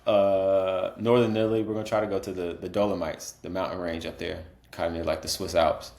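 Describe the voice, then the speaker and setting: A man's voice: sits low, little pitch movement, brisk, a little mellow, roomy sound. A man co-hosting a podcast in casual chat, laid-back and rambling, laughing often. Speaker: podcast co-host.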